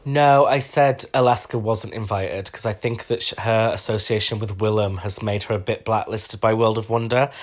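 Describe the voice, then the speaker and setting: A man's voice: lowish voice, fairly even intonation, normal speed, few pauses. A man co-hosting a podcast, chatting casually and giving his opinions with plenty of fillers. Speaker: podcast co-host. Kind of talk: casual chat.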